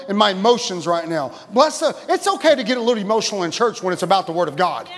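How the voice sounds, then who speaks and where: A pastor preaching a sermon in a church, exuberant, laughing and shouting and calling out to the congregation. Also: male voice, high voice, animated, fast talker, few pauses. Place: church sanctuary. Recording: church hall reverb.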